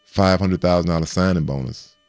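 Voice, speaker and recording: A man in a casual interview, an animated storyteller who stumbles over and repeats words as he recounts his past. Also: low-pitched, brisk, dry recording. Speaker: guest recounting his playing career.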